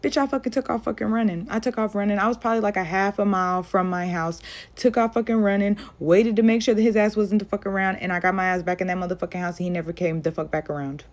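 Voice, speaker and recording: A young woman tells a storytime tale at a rapid clip, her voice sitting in an ordinary middle range. She is blunt and animated, and she swears freely all the way through. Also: medium pitch. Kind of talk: storytime monologue.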